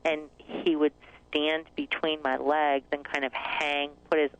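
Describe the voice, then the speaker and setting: A woman's voice: low-pitched, flat delivery, unhurried, noisy background. Woman guest, a mother, candid and reflective, plain conversational read. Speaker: interview guest, mother of an autistic child. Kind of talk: conversational interview.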